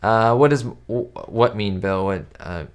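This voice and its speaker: Unhurried and smooth, a lowish-voiced man whose first language is Spanish chats casually on a YouTube live stream. Using a webcam setup, he answers the live chat and greets viewers by name, rambling with fillers and restarts.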